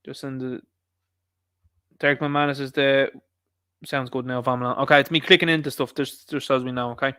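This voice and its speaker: A man's voice: medium pitch, little pitch movement, a little fast, pauses often, bright, forceful tone, clear, resonant tone, dry recording. An Irish man hosting an online commentary show, rambling and opinionated as he reacts to posts and talks straight to his viewers.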